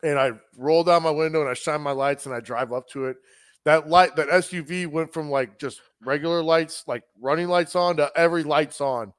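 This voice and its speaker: A man's voice: a little high, a little fast, no echo, clean studio sound. A man co-hosting a podcast who tells rambling, profane stories and acts out the dialogue in casual chat. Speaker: podcast co-host.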